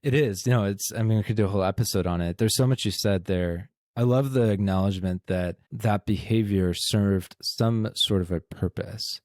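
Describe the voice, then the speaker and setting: A man's voice: lowish voice, normal speed, few pauses, a little mellow, no echo, studio quality. A man hosting a podcast, affirming his guest enthusiastically in casual interview chat. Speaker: podcast host.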